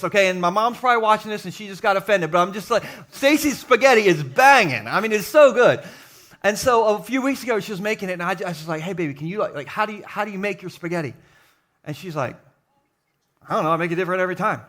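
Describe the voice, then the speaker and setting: A middle-aged man, a pastor, preaching a jokey, animated sermon to a live congregation in a church. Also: very high-pitched. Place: church sanctuary with live audience.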